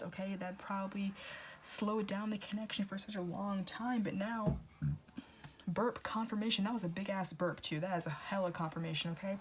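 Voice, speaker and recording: A woman doing a casual tarot reading, talking in an animated, repetitive way with swearing and stumbles. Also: mid-range voice, slight background noise. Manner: animated, repetitive, profane, often restarting words. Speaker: tarot reader.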